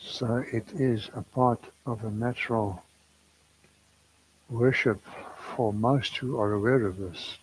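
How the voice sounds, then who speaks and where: A man's voice: medium pitch, fairly even intonation, slow pace, slight background noise, poor audio. A man giving a spiritual talk, telling a personal story in an earnest, confessional way and laughing at himself now and then. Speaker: spiritual teacher.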